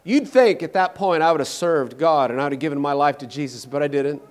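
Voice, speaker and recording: A man preaching in a sermon, his voice sitting a little high for a man. He talks with strong emphasis, rising into loud declarations and then dropping to near hushes. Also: a little fast. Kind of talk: sermon testimony.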